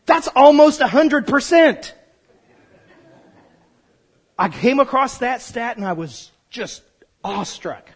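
Man, preacher, high voice, emphatic sermon, repeats himself, quiet then loud. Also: very animated, slow, pauses often, slightly rough. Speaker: pastor.

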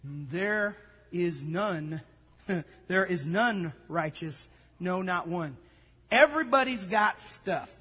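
A man preaching a sermon, telling a story and acting out the dialogue with lively energy. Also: sits high, takes it slowly, slightly rough, big-room sound. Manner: storytelling, animated, acts out dialogue. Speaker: pastor.

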